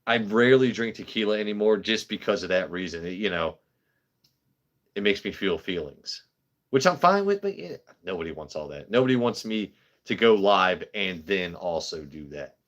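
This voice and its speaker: A man's voice: low-pitched, animated, normal speed, fairly bright tone, lo-fi sound. A man hosting a livestream in casual, rambling chat, swearing freely as he talks. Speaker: livestream host.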